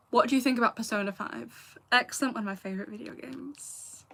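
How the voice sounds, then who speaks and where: A woman's voice: a little high, normal speed, gravelly, fairly bright tone, slight background noise. A woman in her late twenties with a Lancashire accent with a slight Scouse edge, casually chatting through questions from a live chat and often laughing. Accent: Lancashire English, a little Scouse. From England. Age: 20s. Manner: chatty, laughing, drops into asides. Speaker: youtuber answering live chat.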